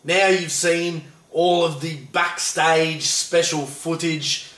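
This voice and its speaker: A young Australian man co-hosting a comedy chat in a mock-formal, deadpan manner. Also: fairly high pitch, slow. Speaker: co-host. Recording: echoey room, mic at a distance.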